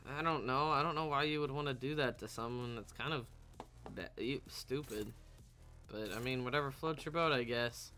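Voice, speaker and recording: A man's voice: medium pitch, vocal fry, pushed and bright. A man streaming a game, casually commenting on his moves and laughing often as he reacts to chat.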